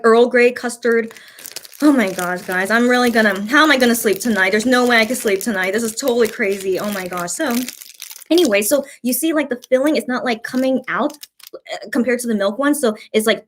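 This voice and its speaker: During a casual mukbang live stream at home, a bubbly young vlogger chats loosely with plenty of fillers, reading viewers' comments aloud between bites. Her voice is slightly high, and there's a little background noise.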